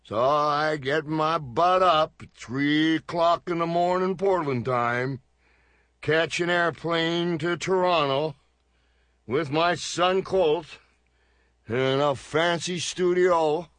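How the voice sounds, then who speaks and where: A man hosting a podcast, telling a story in a profane, animated way. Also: fairly high pitch, slow, no echo. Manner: profane, animated storyteller, does voices for others. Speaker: podcast host. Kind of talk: casual storytelling rant. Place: radio studio.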